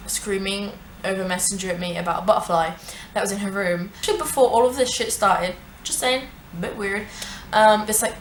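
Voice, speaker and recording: A young woman telling a storytime vlog, animated and sweary, with many "like" fillers. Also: medium pitch, slight background noise. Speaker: vlogger. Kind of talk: casual storytime narration. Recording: echoey room.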